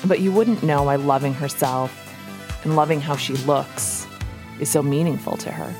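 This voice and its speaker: A woman's voice: deep voice, moderate pace. A woman with a Minnesota accent, hosting a podcast and narrating a scripted story in a wry, playful way. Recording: music bed under the voice.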